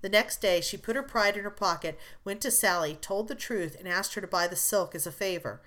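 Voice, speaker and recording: Female audiobook narrator; measured, expressive reading of a classic novel. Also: mid-range voice.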